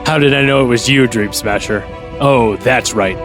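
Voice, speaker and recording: A man voicing a cocky male superhero doctor in a comedic script reading, with low, brash deadpan bravado. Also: normal speed, music in the background, close to an everyday voice.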